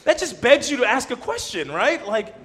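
A male preacher telling a story in his sermon and leading a prayer, animated and expressive. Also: very high voice, moderate pace.

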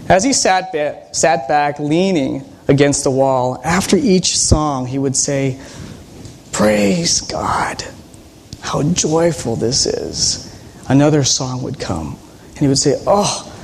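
A male pastor gives a chatty, story-filled sermon with plenty of ums and false starts. His voice sits a little high for a man and has a gravelly edge. Faint background noise hums under him. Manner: relaxed, hesitant, frequent ums and restarts. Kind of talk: conversational sermon with personal stories.

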